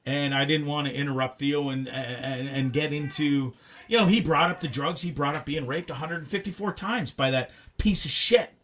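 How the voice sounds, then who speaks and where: A man hosting a live talk show, rambling and animated, swearing freely. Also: on the high side, normal speed. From Canada. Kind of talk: casual live show chat.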